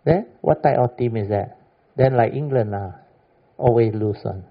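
A man's voice: medium pitch, moderate pace, creaky, breathy edge. A man giving an informal Buddhist Dhamma talk, emphatic and chatty, often checking whether his listeners understand. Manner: keeps asking "understand or not?", emphatic and chatty. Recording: dull lo-fi recording.

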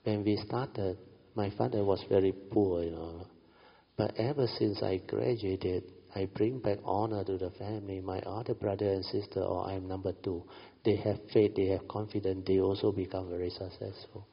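Low husky man, Malaysian English, reverberant hall. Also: fairly even intonation, moderate pace. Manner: chatty, frequent "you know", light laughs. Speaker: speaker recounting a family story. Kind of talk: storytelling talk. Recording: dull recording with long hall reverb.

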